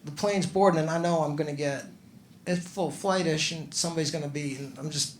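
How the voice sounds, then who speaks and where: Male stand-up comic, conversational then loud exasperated bursts, echoey club room, noisy ambience. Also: fairly high pitch, steady tone, normal speed. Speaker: stand-up comedian. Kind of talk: stand-up comedy set. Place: comedy club stage. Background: audience laughter.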